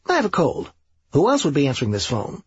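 A man doing Serge, a manic fast-talking schemer. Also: on the high side, huge pitch swings, husky, dry recording, lo-fi sound, pitched above the performer's own voice, heavily acted. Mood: excitable.

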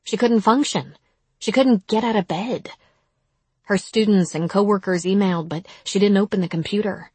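A woman narrating an audiobook in a measured, somber way. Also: mid-range voice, darkish tone, breathy edge, no echo.

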